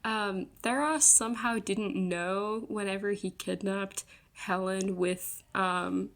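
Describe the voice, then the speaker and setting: A woman's voice: medium pitch, steady tone, takes it slowly, a bit bright. A young woman giving a casual, rambling book review, full of fillers, swearing and exasperated laughs.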